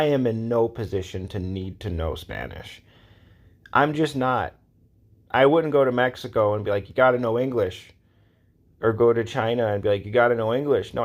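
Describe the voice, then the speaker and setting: A man's voice: on the low side, a little mellow. A man ranting to camera in a casual, exasperated way, repeating his points and asking rhetorical questions. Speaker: vlogger. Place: Los Angeles area.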